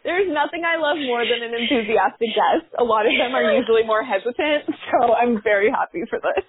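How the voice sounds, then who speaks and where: A woman's voice: fairly high pitch, fairly quick, crowd noise. A woman hosting a podcast in a playful, teasing, self-mocking way. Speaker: podcast host. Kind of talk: casual chat. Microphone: phone call. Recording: tinny phone line.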